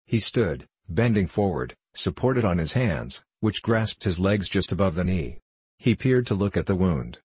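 A man narrates a novel in a measured, even storytelling voice. His pitch sits very low with a husky, breathy grain. The recording is close and dry with no room sound. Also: dry recording. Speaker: audiobook narrator. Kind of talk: scripted narration.

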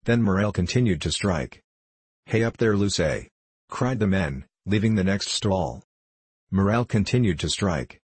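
Low husky male audiobook narrator. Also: expressive, moderate pace, a little mellow, no echo. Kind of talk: scripted narration.

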